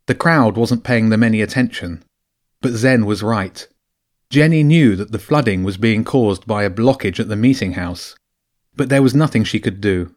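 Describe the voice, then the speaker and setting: A man narrating a children's adventure audiobook with a lively, expressive reading. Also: lowish voice, normal speed. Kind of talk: storybook narration.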